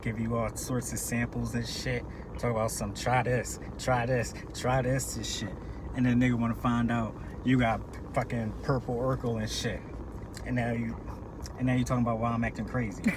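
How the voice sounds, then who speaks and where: A man co-hosting a podcast in casual chat, telling stories in animated, profane slang. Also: medium pitch, brisk. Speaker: podcast co-host. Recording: noisy background.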